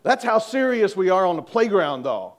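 Joking pastor guy, high voice, chatty sermon w lots of questions to the crowd. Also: big pitch swings, normal speed. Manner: conversational, joking, asks the congregation questions.

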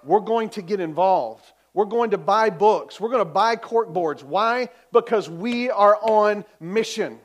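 A man's voice: high-pitched, lively intonation, measured pace, few pauses. A man preaching a sermon as pastor, telling a story earnestly and building to emphatic exhortation.

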